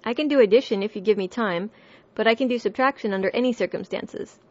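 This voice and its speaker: A woman's voice: mid-range voice, fast, darkish tone, lightly acted. A woman voicing a muddled, anxious queen in a storybook reading, vague and fussy, on a dull lo-fi recording. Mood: fretful. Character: muddled fretful queen, female, adult.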